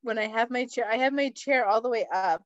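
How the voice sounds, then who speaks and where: A woman co-hosting a podcast, telling loose stories and swearing often as she laughs through them. Her voice sits fairly high, and the sound is dry and a little muffled. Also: brisk, no room sound. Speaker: podcast co-host. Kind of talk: casual chat.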